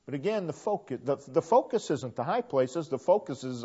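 A man preaching a sermon, quoting scripture at length with emphatic, drawn-out delivery. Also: fairly high pitch, expressive, dark tone, slightly rough. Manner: emphatic, drawn-out delivery with frequent Bible quotations. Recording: dull lo-fi sound.

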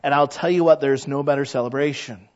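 Preaching a conversational sermon, this pastor speaks in a steady, medium-pitched voice at a brisk clip. He's folksy and chatty and performs the voices he quotes, heard through a dull lo-fi recording.

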